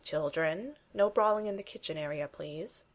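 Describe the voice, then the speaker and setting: A woman's voice: sits low, normal speed. A woman reading the part of a dry, weary male soldier.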